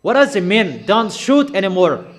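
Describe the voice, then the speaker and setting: Man, high voice, preacher, emphatic, repetitive, accusatory sermon. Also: big pitch swings, moderate pace.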